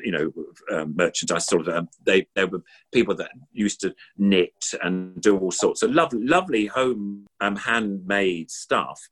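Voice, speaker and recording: Older man, very low voice, husky, rambling enthusiastic chat, lots of ums. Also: fairly bright tone. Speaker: puppeteer. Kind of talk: casual reminiscing chat.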